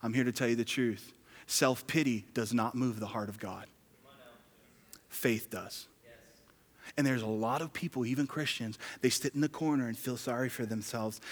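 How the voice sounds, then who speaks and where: A male pastor preaching a sermon emphatically, swinging from loud exclamations to hushed whispers. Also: medium pitch, moderate pace. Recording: long reverb of a large hall.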